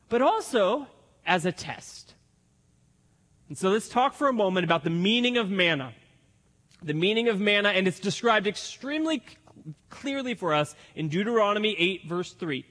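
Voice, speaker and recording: A male pastor delivers a sermon with lots of energy and acts out the people in the story as he goes. His voice sits high and moves all over the place. It carries a long reverb, like a big church hall. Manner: animated, acts out the characters' lines.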